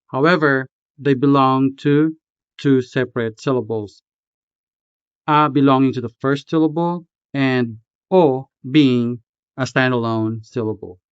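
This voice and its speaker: A man narrates a pronunciation lesson at an unhurried pace, carefully breaking words into syllables. His voice is smooth and resonant. The recording is dry and close, with a slightly muffled, lo-fi tone. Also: mid-range voice, dry recording. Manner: slow, deliberate, enunciating example words syllable by syllable. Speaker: language tutor. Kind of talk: scripted instructional narration. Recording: slightly dull, dry voice-over.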